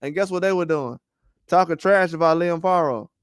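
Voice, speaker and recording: High-voiced man ranting about boxing. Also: normal speed, smooth, dry recording, clean studio sound. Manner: animated, rambling trash talk with frequent laughs. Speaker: boxing channel host. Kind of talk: casual boxing commentary livestream.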